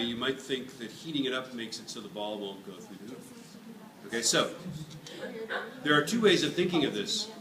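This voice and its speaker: Playful male teacher in an echoey classroom. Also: medium pitch. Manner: playful, jokey, energetic demonstrator. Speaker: physics teacher. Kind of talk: classroom demonstration lecture. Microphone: camera at a distance. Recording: echoey classroom from far off, noisy.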